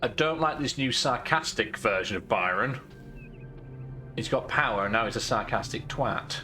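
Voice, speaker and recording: A man's voice: mid-range voice, expressive, normal speed. Joking man streaming a game. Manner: chatty, joking, sarcastic. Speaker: gaming streamer. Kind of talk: casual let's-play commentary. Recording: game music behind.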